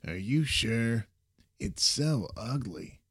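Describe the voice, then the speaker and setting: A man's voice: mid-range voice, expressive, takes it slowly, fairly bright tone, breathy edge, voice pushed up, exaggerated voice. A man voicing a sleepy, blunt young male student in a storybook reading. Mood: dismissive. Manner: drowsy and dismissive.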